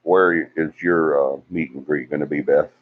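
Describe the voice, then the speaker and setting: A man hosts a casual livestream, chatting and teasing as he reads out viewer comments. His voice sits low and deep, and the audio is a little muffled, like a lo-fi stream. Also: steady tone, moderate pace. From Alabama. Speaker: livestream host. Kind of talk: casual live chat reading comments.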